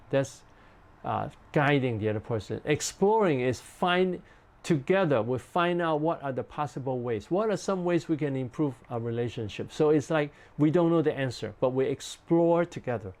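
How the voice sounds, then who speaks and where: A man, a pastor, is leading a ministry training session in an ordinary middle pitch. He speaks in simple, repeated phrases and pauses often on "uh." Now and then he acts out gentle, polite questions that one spouse might ask another. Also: lively intonation. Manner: simple repetitive phrasing with frequent "uh" fillers.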